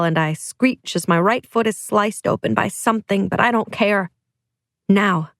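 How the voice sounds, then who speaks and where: A woman's voice: mid-range voice, no echo, studio quality. A woman narrating a first-person audiobook with urgent, driving delivery.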